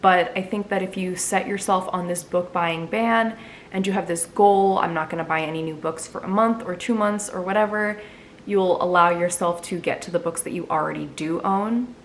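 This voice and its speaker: A woman's voice: fairly low pitch, moderate pace, a little hiss or hum. A young woman chatting casually in a vlog, answering viewer questions with lots of fillers. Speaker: book vlogger.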